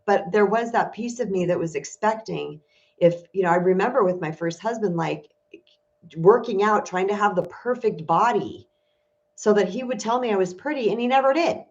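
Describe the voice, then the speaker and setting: Speaking with a mid-range, darkish voice at a moderate pace, a woman spiritual empowerment coach opens up to her viewers with candid, emotional confessions, as in a casual livestream. The audio is dull and lo-fi.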